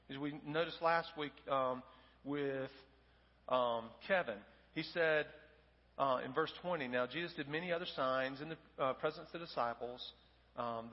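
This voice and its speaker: Man, pastor, conversational sermon, higher voice, long church reverb. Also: highs cut off. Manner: conversational preaching with fillers, dramatizes quoted lines. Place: church sanctuary.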